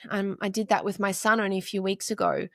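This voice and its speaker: A woman's voice: mid-range voice, fairly even intonation, fast, gravelly, no room sound, clean studio sound. A woman in her forties, a podcast guest and counselor, talking earnestly in casual interview chat and stringing her points into long lists of short phrases.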